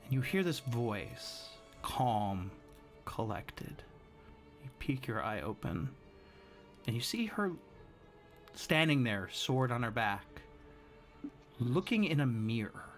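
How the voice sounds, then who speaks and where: A male game master on a live stream who narrates at an unhurried, deliberate pace with a mid-range voice. He paints scenes in careful detail. Soft music plays in the background. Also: medium pitch, sing-song. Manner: slow, dramatic descriptive narration.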